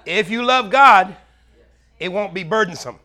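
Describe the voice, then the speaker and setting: High-voiced animated preaching man. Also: a little slow. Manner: animated preaching, swinging between loud highs and low murmurs. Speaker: pastor. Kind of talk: sermon.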